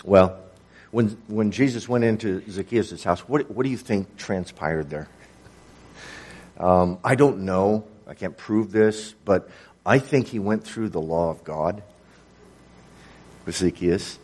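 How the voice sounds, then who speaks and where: A man's voice: lowish voice, slow, pauses often, a little mellow. A male preacher delivering a sermon, telling a story with acted-out dialogue.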